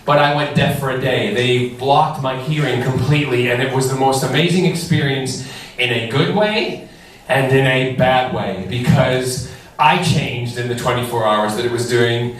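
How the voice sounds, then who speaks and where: A man guest on a convention panel, telling lively, jokey stories and sounding a little out of breath. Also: mid-range voice, normal speed. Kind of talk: animated storytelling on a convention panel. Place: large convention hall. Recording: echoey hall recorded from far off with faint noise.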